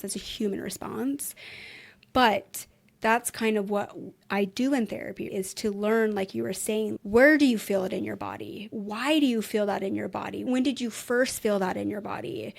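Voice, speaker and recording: A woman therapist in a podcast conversation, speaking calmly and reflectively and gently coaching with repeated questions. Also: medium pitch, creaky. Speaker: therapist guest.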